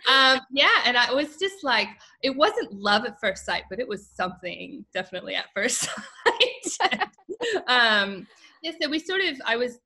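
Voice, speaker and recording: A woman's voice: on the high side, big pitch swings, unhurried, pushed and bright, poor audio. An American woman in her thirties, a guest in a casual interview, chatty and laughing often as she talks. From United States.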